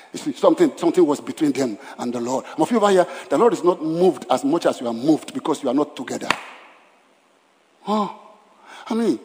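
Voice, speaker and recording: High-voiced preacher in a reverberant hall. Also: male voice, darkish tone. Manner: dramatic, acts out Bible scenes in voices; emphatic repetition. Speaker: pastor. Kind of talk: sermon. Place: church service.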